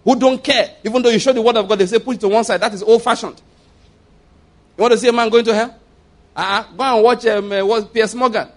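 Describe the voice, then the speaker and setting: A man's voice: extremely high pitch, steady tone, quick pace. A man preaching as a pastor in an emphatic sermon, repeating phrases and asking rhetorical questions.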